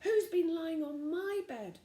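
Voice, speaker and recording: A woman doing a high indignant mother bear. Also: lively intonation, slow pace, mellow, echoey room, exaggerated voice.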